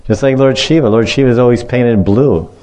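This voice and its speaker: A man gives a devotional lecture on scripture in a mellow, soft-edged voice. He repeats key words, drifts into side remarks, laughs often and acts out the scenes he retells. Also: medium pitch, brisk. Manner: repetitive, digressive, laughs often, acts out stories. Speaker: spiritual teacher.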